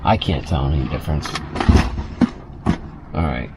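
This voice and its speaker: A man's voice: very deep voice, measured pace, heavy background noise. A man chatting loosely through a casual cooking vlog inside his small RV, full of fillers and asides.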